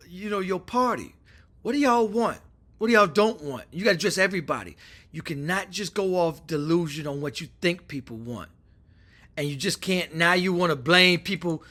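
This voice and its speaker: A man giving a casual opinion monologue on politics, animated, acting out imagined conversations. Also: high voice. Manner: animated, acts out quoted phone calls. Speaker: political commentator.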